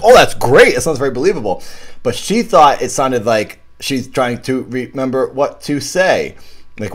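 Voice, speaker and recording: A man hosting a live stream, chatting casually about his own short film and thanking donors. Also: lowish voice. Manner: rambling, animated, thanks donors warmly. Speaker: filmmaker hosting a live viewing commentary.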